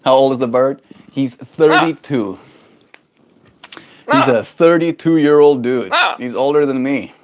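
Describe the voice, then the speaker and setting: A young man streaming casually from home, chatting and slipping into high sing-song baby talk with his pet bird. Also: a little slow, long pauses. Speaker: daily livestreamer. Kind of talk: casual chat. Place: home, indoors.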